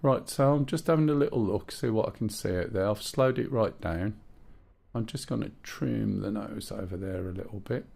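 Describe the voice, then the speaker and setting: Gravelly low man narrating gameplay. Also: moderate pace, a little mellow. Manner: explains his flying controls step by step; chatty and opinionated. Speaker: streamer flying a helicopter in a flight sim. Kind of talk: live gameplay commentary.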